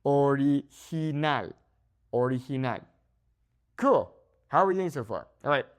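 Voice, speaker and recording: A young man teaching Spanish pronunciation, saying example words slowly and repeating them. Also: a little high. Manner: lively, drawn-out word demonstrations. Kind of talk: pronunciation lesson. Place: in Mexico.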